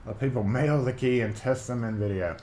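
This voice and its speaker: A man's voice: mid-range voice, brisk, darkish tone, slight background noise. A man from Mississippi with a Southern accent hosts a casual live-stream chat, rambling and reading viewer comments aloud. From Mississippi, USA. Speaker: livestream host. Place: home workshop. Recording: roomy echo.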